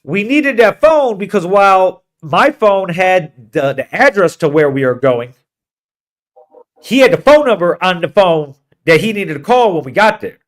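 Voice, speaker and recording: Brief: man, high-pitched voice, podcast co-host, animated swearing storyteller. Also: unhurried. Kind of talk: casual storytelling chat.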